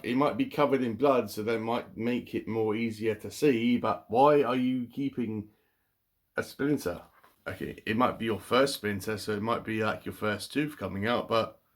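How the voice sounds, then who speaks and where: A man casually reading a children's picture book aloud, breaking off for chatty, wry asides. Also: lowish voice. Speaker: book reviewer.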